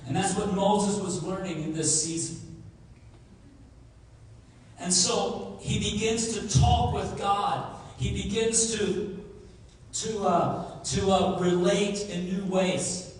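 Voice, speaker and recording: Male pastor, high voice, unhurried preaching, booming hall echo with faint room noise. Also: far from the mic. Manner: animated retelling with acted scripture dialogue. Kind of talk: sermon. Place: church sanctuary. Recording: echoey hall recorded from afar.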